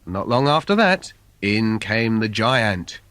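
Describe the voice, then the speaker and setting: Lively man telling a silly fairy tale. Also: fairly low pitch, measured pace, no echo. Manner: playful, sing-song storytelling with wordplay. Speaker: storyteller. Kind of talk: comic fairy-tale reading for children. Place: recording studio. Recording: dry studio recording.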